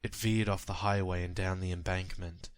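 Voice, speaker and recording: A man reading a horror story aloud in a measured, grim storytelling manner. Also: sits low, fairly even intonation, clean tone. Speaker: narrator. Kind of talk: scripted horror story narration. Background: faint music.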